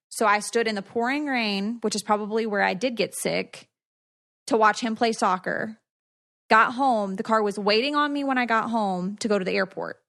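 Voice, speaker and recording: A woman's voice: medium pitch, gravelly, fairly bright tone. A woman co-hosting a podcast, telling a story in a chatty way, full of "like" fillers. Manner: chatty, many "like" fillers, quotes others in retelling. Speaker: podcast co-host. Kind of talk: casual storytelling.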